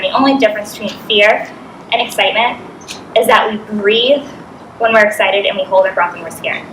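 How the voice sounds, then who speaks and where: Nervous fast-talking woman with a Boston accent. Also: mid-range voice. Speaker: speaker at a coaching event. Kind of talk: motivational speech to a live audience. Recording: echoey room from a distant mic with faint noise.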